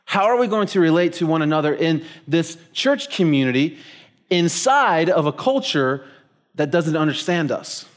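A man's voice: fairly high pitch, animated, moderate pace. A man preaching a sermon, telling a story casually with plenty of fillers like "like" and "you know". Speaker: pastor.

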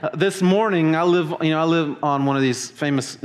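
A man preaching to his congregation, telling the story with lively emphasis and acting out quoted lines. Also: on the high side, fairly quick. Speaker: pastor. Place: church service in a large hall.

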